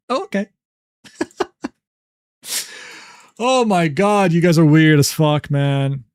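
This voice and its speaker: On a casual livestream, a man reads drama documents, messages and screenshots aloud. He adds profane, exasperated, sarcastic asides as he goes. His voice is on the high side and a little mellow, recorded at studio quality with no room sound.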